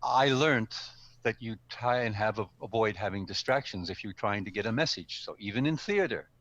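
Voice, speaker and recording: A man's voice: lowish voice, moderate pace, fairly bright tone, no echo. A conversational man giving speaking advice. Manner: conversational, with frequent ums and self-corrections. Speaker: guest speaker, speaking coach. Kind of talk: casual instructional talk. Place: live stream studio or room.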